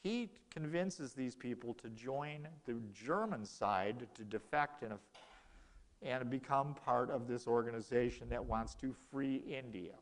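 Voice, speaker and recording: A man's voice: medium pitch, unhurried, big-room sound. A man giving a casual history lecture in a lecture room, telling it as a story and acting out the quoted exchanges.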